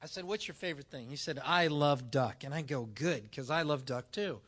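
A man preaching a sermon, telling a personal story with lively acted-out dialogue. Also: a little high, moderate pace. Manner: animated storytelling, acting out dialogue. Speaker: pastor.

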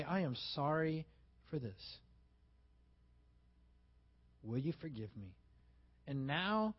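A male pastor preaching a sermon, animated and acting out little dialogues as he goes. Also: very high-pitched, lo-fi sound.

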